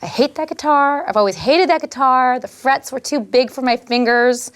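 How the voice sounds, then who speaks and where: A woman's voice: sits high, normal speed. Blunt, bitter woman venting. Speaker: wife in scripted scene.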